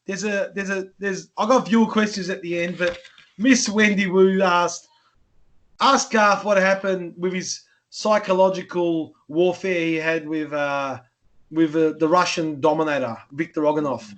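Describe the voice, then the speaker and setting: A man's voice: high-pitched, steady tone, unhurried, fairly bright tone. A man hosting a podcast, asking questions in a loose, rambling way with some swearing. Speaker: podcast host. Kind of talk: casual podcast interview.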